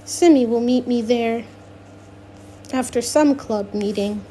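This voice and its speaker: A woman's voice: on the high side, takes it slowly, long pauses, dark tone, slight background noise. A woman narrating a first-person novel, reading with frequent restarts and self-corrections. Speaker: audiobook narrator.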